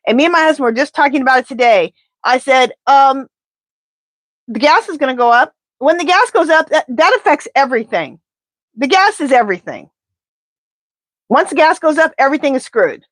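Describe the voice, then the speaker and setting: A woman doing a live pendulum reading, talking in an animated, indignant, chatty way. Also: high voice, brisk, dry recording. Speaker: tarot reader.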